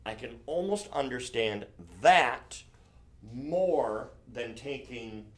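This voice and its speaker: A man's voice: mid-range voice, expressive, takes it slowly. A man hosting a live shopping stream, selling jewelry in a chatty, enthusiastic way and correcting himself as he goes. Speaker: shopping channel host.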